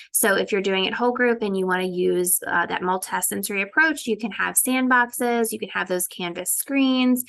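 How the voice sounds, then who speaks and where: A woman teacher walking through a recorded lesson, slipping into a sing-song classroom voice and sounding out letters slowly. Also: medium pitch, vocal fry, fairly bright tone.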